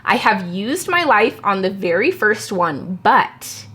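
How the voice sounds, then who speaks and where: A young adult woman book vlogger chatting casually at home, excitable and nervous as she plays a card game. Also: medium pitch, slow. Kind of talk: casual vlog chat.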